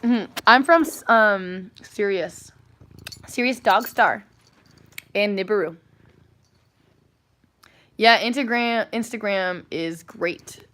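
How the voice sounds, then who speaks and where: A woman's voice: mid-range voice, takes it slowly, pauses often, fairly bright tone. A woman hosting a casual live chat from her phone, rambling and playful as she reads comments, first in a car and then at home. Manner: rambling, playful, drifts between topics. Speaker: livestream host.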